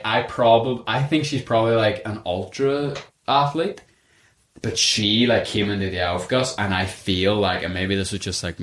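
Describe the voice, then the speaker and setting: A man hosting a podcast, chatting casually and telling lively stories with frequent laughter, recorded in a sauna. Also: lowish voice. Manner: animated storyteller, laughs often. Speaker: podcast host. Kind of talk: casual chat. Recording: echoey sauna room.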